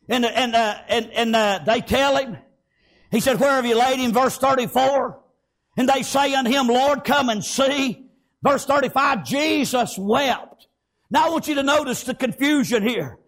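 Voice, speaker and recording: High-voiced man preaching a fiery sermon. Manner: fervent, punctuates with amen and praise God; breaks into shouting.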